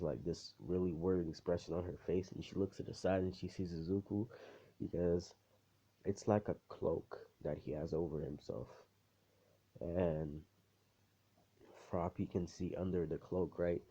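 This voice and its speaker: A man's voice: deep voice, dark tone, husky, lo-fi sound. A man telling a fan story in a rambling, profane, casual way, full of fillers.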